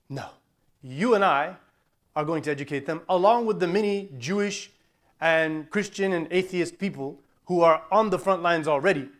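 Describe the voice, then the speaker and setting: Man preaching a forceful, urgent sermon. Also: on the high side. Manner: forceful, urgent preaching with Arabic Quran recitation. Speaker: imam. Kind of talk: Friday sermon.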